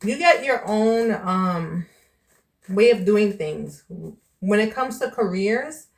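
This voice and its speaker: A woman from New York talks straight to her viewers as a casual vlogger. She is chatty and candid, with a friendly habit of calling people "child" and "baby". Her voice sits at an ordinary pitch for a woman. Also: animated, slow. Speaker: vlogger and tarot reader. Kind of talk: casual chat to camera.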